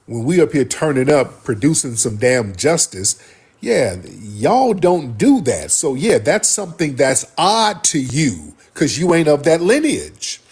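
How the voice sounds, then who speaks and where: Husky, animated man ranting on a stream. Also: medium pitch. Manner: emphatic, preachy, repeats lines for effect. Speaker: live stream host. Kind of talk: heated livestream commentary.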